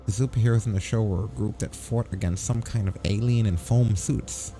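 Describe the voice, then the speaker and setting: A man hosting a let's play, reading the game's text aloud with wry, deadpan asides. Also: fairly low pitch, a little fast.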